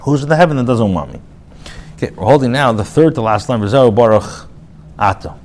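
A man's voice: medium pitch, lively intonation, brisk, darkish tone. Man teaching a casual text class. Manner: reads Hebrew phrases then paraphrases them in English; frequent restarts and filler, conversational. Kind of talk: casual spoken Torah class.

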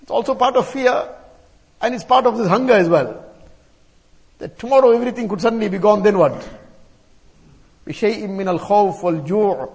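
A man's voice: very high voice, expressive, brisk, gravelly, pauses often. A man giving a sermon to scholars and elders, chanting Arabic verses and explaining them in rhythmic repeated lists. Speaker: Islamic scholar giving a talk. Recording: long hall reverb.

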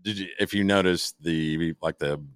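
An older man co-hosting a podcast, chatting casually in a rambling, halting way full of restarts. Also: low-pitched, fairly even intonation, fairly bright tone, clean tone, dry recording, studio quality. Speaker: podcast co-host. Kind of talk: casual chat.

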